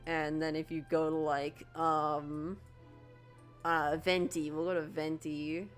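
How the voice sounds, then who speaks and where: Excitable woman streaming a game. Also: deep voice, slow pace, faint music behind. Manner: excitable, gushing, stammering fan. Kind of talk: casual game stream commentary.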